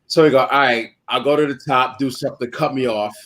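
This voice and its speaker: Profane, animated New man telling stories. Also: medium pitch, brisk, poor audio. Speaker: guest wrestler. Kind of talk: shoot interview storytelling.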